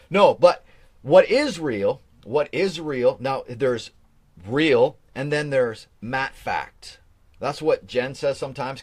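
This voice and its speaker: A man hosting a casual live stream, rambling and joking, often restarting his sentences. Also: mid-range voice. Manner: rambling, self-correcting, jokey. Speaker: host.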